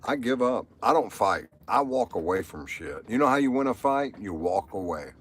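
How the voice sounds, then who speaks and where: A man's voice: fairly low pitch, lively intonation, normal speed. A middle-aged man talking on a live stream, rambling and repeating himself with strong emotion. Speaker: livestreamer. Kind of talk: live stream monologue, reading chat.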